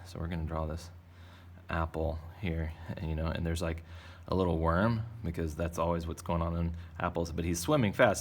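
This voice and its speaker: Deep gravelly man teaching kids to draw. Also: moderate pace, slight background noise. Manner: playful, rambling, jokey. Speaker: art teacher. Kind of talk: casual drawing lesson for kids.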